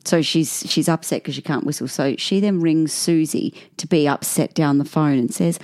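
A woman's voice: low voice, moderate pace, hardly any pauses, a little mellow. A woman co-hosting a casual chat, blunt, crude and jokey. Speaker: podcast co-host.

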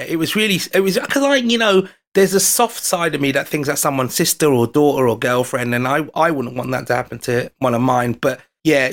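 English man, podcast storyteller, slightly high voice, acts out his own quotes. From London, England. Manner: animated anecdote telling, acting out his own quoted lines. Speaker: podcast guest. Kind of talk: casual storytelling chat.

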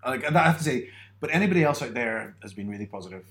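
A man's voice: medium pitch, expressive, fast talker, a bit bright. A man from Northern Ireland in a casual podcast chat, telling stories with self-mocking humour and frequent laughs.

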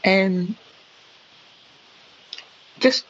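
A woman recounting a personal experience in conversation, halting, with frequent ums and restarts. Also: mid-range voice, husky, muffled recording. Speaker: guest.

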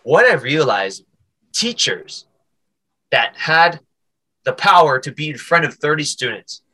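Animated husky man telling stories. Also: fairly high pitch, measured pace. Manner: animated, stammering restarts, acts out voices. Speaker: comedian and podcast guest. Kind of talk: casual interview storytelling.

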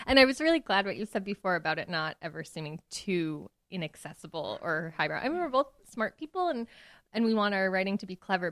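A woman, a comedy duo member, talking in a casual podcast interview, lively and quick to laugh. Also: lowish voice, no echo, studio quality.

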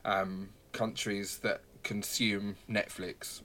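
A man co-hosting a casual film chat, retelling scenes in an animated way with frequent ums and laughs. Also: lowish voice, slow. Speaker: podcast co-host.

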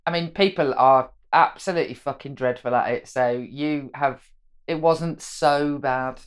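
A woman's voice: a bass voice, measured pace. A woman, a guest on a comedic podcast, speaking bluntly and frankly.

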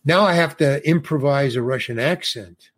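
A man's voice: mid-range voice, normal speed. A man in his eighties from New York, a guest on a podcast, telling a rambling anecdote and acting out the dialogue as he goes. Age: 80s. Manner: rambling storyteller who acts out quoted dialogue.

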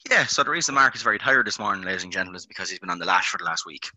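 A man's voice: low-pitched, lively intonation, racing, pushed and bright, no echo, poor audio. An Irishman hosting a podcast, teasing his co-host in casual banter. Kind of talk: casual chat.

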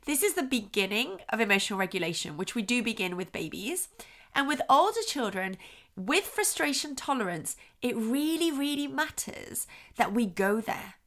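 Bright, expressive woman podcast host. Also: fairly high pitch, moderate pace. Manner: expressive, acts out soothing and frustrated voices as examples. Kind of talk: podcast advice talk.

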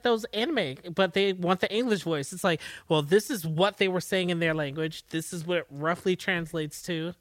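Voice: mid-range voice, fairly bright tone, no echo, clean studio sound. A podcast co-host in casual chat, easygoing and laughing along.

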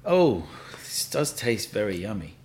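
A man's voice: fairly low pitch, a little slow. A man, a guest telling funny stories in casual chat over a meal and laughing as he talks. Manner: lively storyteller, laughs through his stories.

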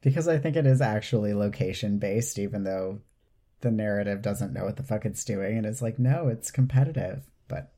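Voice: mid-range voice, normal speed, warm tone. A podcast co-host in casual chat, ranting with indignant sarcasm.

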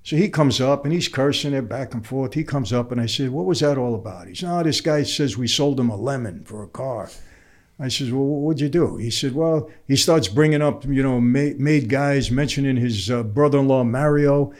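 An older New York man, a guest on a podcast, tells a long story in a mid-range voice at a moderate pace. He's animated and acts out each person's lines as the conversation goes.

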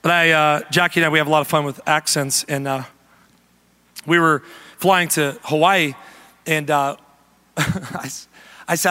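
A man preaching a humorous sermon as pastor, animated and joking with the congregation. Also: a little high, a little slow, long pauses, clear, resonant tone.

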